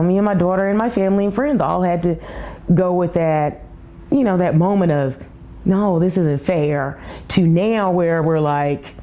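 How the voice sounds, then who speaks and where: Low-voiced middle-aged woman, mellow sound, talking frank and emotional, lots of restarts. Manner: candid, emotional, with rushed asides and restarts. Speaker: breast cancer survivor telling her story. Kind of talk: personal testimony.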